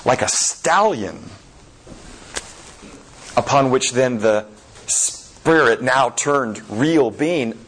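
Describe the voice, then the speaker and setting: Man preaching, hesitant, halting. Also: medium pitch, fairly bright tone, poor audio. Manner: hesitant, with many fillers and slow emphatic phrasing. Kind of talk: sermon retelling a story.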